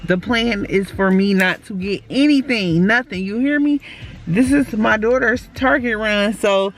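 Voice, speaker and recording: A woman's voice: medium pitch, unhurried. A woman vlogging casually, chatting to her viewers as y'all while she runs errands, cleans up and waits in her car, talking into a handheld phone. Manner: switches to soft whispers late at night. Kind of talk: casual vlog chat. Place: at home and in stores and car.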